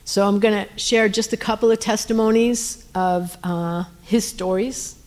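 A woman's voice: medium pitch, fairly even intonation, measured pace, darkish tone. A woman telling a faith testimony as a missionary speaker, earnest and emotional, with frequent fillers. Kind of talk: testimony storytelling.

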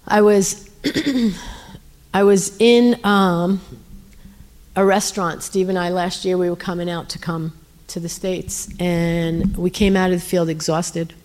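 A woman's voice: on the low side, darkish tone. Earnest woman sharing a faith testimony. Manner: earnest, emotional, uses many fillers. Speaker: missionary speaker. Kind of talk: testimony storytelling.

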